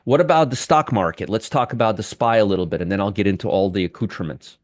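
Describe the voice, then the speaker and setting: Talking quickly in a lowish voice, a man runs his daily market commentary as a laid-back trading monologue. The studio-quality recording has no room sound, and he goes over chart levels while hammering home key points through repetition.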